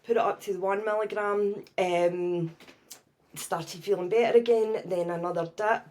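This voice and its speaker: A middle-aged Scottish woman, a podcast guest, telling a personal story in a lively way and often adding "right?". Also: mid-range voice, moderate pace.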